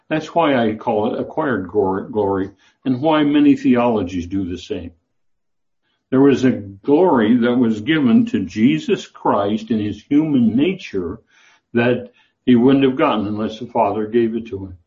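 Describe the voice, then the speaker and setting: A man's voice: medium pitch, expressive, normal speed, mellow, dull audio. A man teaching a Bible class, talking in a loose, discursive way with many fillers and restarts.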